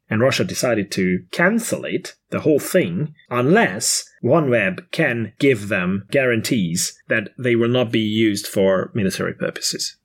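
A man's voice: medium pitch, husky. Earnest male podcast co-host. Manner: earnest, thoughtful, hesitant fillers, quick to laugh. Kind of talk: casual podcast discussion.

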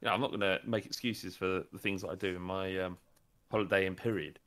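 A man's voice: low voice, fairly even intonation, fast talker, fairly bright tone. A middle-aged man co-hosting a football chat, telling stories animatedly and swearing freely. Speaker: podcast co-host.

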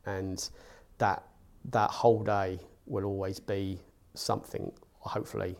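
A man with a very deep, gravelly voice looks back on a big match. He speaks in a flat, even tone, steady and measured, pausing between thoughts. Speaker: football fan interviewee. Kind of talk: reflective recollection.

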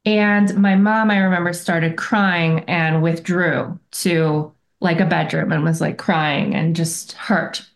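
Earnest low-voiced woman podcast guest. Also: fairly even intonation, slow pace, hardly any pauses. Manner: reflective and earnest, often self-correcting. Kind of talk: conversational interview storytelling.

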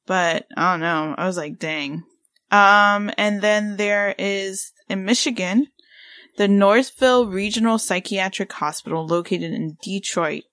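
A woman's voice: mid-range voice, unhurried, no echo. A woman in her thirties co-hosting a casual podcast, rambling with lots of fillers as she talks through haunted places. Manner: rambling, many fillers, excitable. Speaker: podcast co-host.

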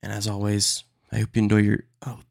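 Man, podcast host, gravelly, low voice, dry close sound, animated casual rant. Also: a little fast, dry recording. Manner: animated ranting, calls listeners "dude" and "man".

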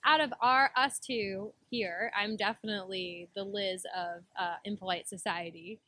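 Woman podcast co-host, bright tone, animated and chatty. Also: medium pitch, measured pace, slight background noise. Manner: animated, laughs and quotes TV lines. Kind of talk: casual chat.

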